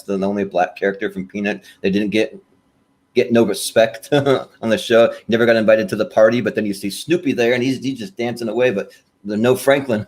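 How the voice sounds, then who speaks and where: A man co-hosting a podcast in casual chat, rambling with many fillers and restarts. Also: on the low side. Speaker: podcast co-host.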